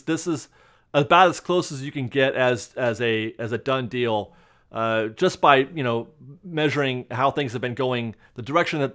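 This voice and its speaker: A man talking casually as a theme park news vlogger, animated and rambling, laughing often as he speaks. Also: mid-range voice. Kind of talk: casual excited vlog commentary.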